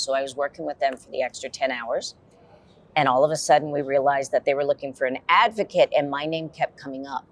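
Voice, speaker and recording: A woman's voice: a bass voice, fairly even intonation, brisk. A woman on a podcast panel, telling a story in a chatty, wry way. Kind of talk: casual panel chat.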